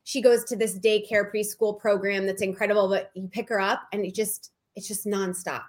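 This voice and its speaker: A woman's voice: medium pitch, little pitch movement, moderate pace. Chatty woman telling family stories. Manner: chatty storytelling, acting out quotes. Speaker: podcast guest, writer. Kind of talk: casual chat.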